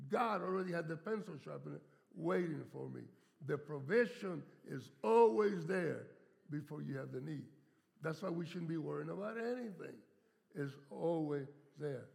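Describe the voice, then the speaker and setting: A heavily gravelly, somewhat high-pitched older man in his seventies delivers a storytelling sermon, drawing out key words for emphasis. His voice rings with long reverb in a church sanctuary. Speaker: guest preacher.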